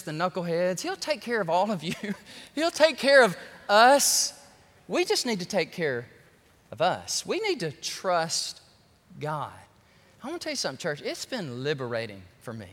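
A man preaching a sermon as pastor, animated and joking, speaking straight to his congregation. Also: sits high, normal speed. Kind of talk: lively sermon. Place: large church sanctuary. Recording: long church hall reverb.

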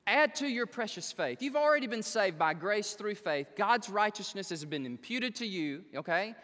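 A man's voice: high-pitched, animated, normal speed, sharp tone. A male pastor preaching a sermon, telling stories with self-deprecating humor and frequent stammered restarts. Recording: long reverb of a large hall.

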